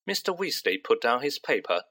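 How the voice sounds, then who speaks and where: A man narrating a storybook in an unhurried, expressive way. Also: medium pitch, slightly rough. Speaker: audiobook narrator.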